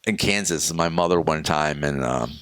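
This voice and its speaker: A man's voice: extremely low pitch, normal speed, a bit bright, clean tone, no room sound. A man co-hosting a casual chat, rambling through stories and acting out the voices of the people in them, recorded on a close dry mic. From northeastern United States. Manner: rambling storyteller, acts out quoted voices. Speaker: podcast co-host.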